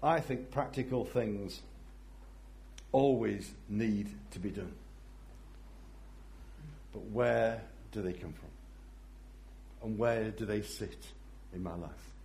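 A man preaching a sermon in a reflective way, often dropping to a soft voice for emphasis. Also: lowish voice, slow, vocal fry, pauses often.

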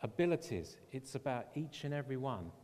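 Guy pastor preaching, earnest storyteller, mid pitch, echoey church hall. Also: sing-song, brisk, darkish tone. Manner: earnest, retells stories with quoted voices. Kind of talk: sermon storytelling. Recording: long hall reverb.

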